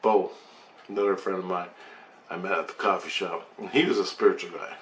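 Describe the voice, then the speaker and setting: A man's voice: low voice, fairly even intonation, fairly quick, a bit bright. A man casually telling a personal story in a loose, rambling way, with swearing and asides. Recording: roomy echo, faint background hum.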